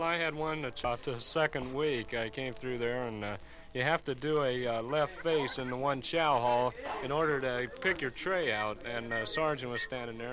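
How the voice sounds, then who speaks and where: A man's voice: mid-range voice, rough recording. Hesitant male recruit with a story. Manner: halting, hesitant. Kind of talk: casual anecdote.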